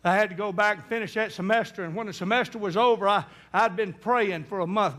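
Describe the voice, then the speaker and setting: A middle-aged man preaches in a voice pitched well above most men. He tells a story and acts out the people in it, his voice climbing toward a cry at the emotional peaks. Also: brisk, few pauses. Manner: acts out quoted voices, rising to near-shouts in emotional peaks. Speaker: evangelist. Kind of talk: sermon storytelling.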